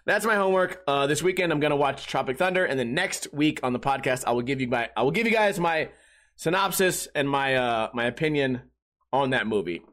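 A man's voice: mid-range voice, lively intonation, fairly quick, a bit bright. A man hosting a solo comedy podcast, ranting in an exasperated, mocking way with lots of repetition. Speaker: podcast host.

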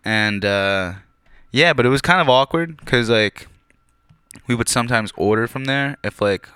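A man's voice: medium pitch, a little slow, sharp tone, clear, resonant tone, no echo. A young man casually telling a rambling, profane story with lots of fillers.

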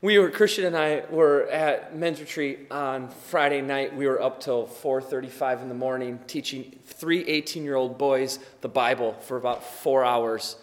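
A tired man preaching as a pastor, earnest and swinging from quiet to loud emphasis. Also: medium pitch, normal speed, few pauses, big-room sound. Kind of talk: sermon.

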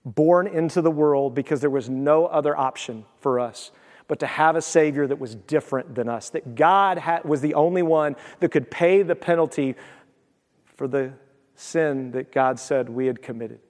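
Male pastor, high voice, emphatic and chatty sermon delivery, ringing church acoustics. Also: normal speed, a little mellow, in a large hall. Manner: emphatic, conversational preaching with asides.

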